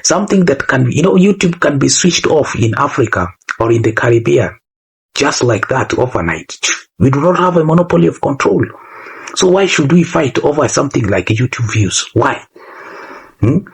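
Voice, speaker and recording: A man's voice: medium pitch, big pitch swings, normal speed, vocal fry, breathy edge. A man with a Kenyan accent, talking to his YouTube audience in a preachy monologue that keeps repeating phrases and asking "huh?". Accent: Kenyan English. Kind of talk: casual monologue to camera.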